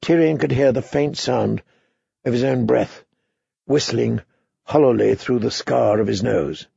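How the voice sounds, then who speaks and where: A man narrating an audiobook in a steady, unhurried reading. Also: mid-range voice, vocal fry, breathy edge, dry recording, lo-fi sound.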